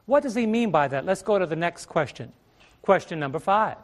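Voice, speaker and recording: On a church stage with a stage microphone, a middle-aged man preaches in a high, animated voice at a fairly quick clip. His sermon is emphatic, with drawn-out key words and rhetorical questions aimed at the congregation.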